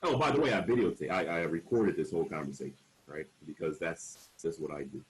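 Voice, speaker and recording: A man's voice: low voice, a little fast, rough recording. A man in his forties telling a personal story on a discussion panel, frank and emphatic, acting out the voices of people he quotes. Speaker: panel speaker.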